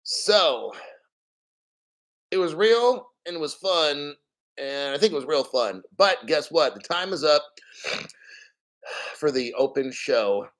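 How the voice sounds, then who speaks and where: A man's voice: fairly high pitch, expressive, slow pace, long pauses, fairly bright tone. A man hosting a casual crypto livestream, talking in a profane, emphatic rant full of rhetorical questions. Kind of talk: casual live-stream rant.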